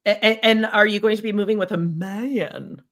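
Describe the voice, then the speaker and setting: A woman's voice: medium pitch, fairly even intonation, moderate pace, fairly bright tone. A woman co-hosting a casual podcast chat, mostly listening with short supportive reactions and dry teasing questions. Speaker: podcast co-host.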